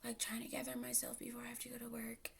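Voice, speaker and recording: A woman's voice: monotone, fast talker, vocal fry. A woman putting on a sleepy, half-awake young woman. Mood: drowsy. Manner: low, drowsy, barely voiced.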